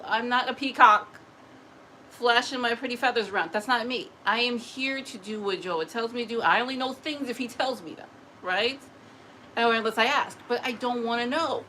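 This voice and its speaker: A woman talking casually to camera about her spiritual gifts. She is chatty and animated, often laughs, and acts out other people's voices, and she says she is tired. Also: on the high side, normal speed, slight background noise, poor audio. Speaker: spiritual messenger.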